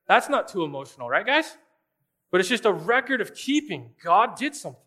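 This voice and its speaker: A man's voice: high-pitched, lively intonation, moderate pace, pushed and bright. A man preaching a sermon as a pastor, conversational and emphatic, often speaking straight to his listeners.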